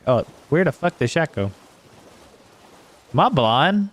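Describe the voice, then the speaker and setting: Man, streamer, casual gameplay chat, mid pitch, rambling, sweary. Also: animated, takes it slowly, pauses often. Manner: rambling, sweary, talks to chat while playing.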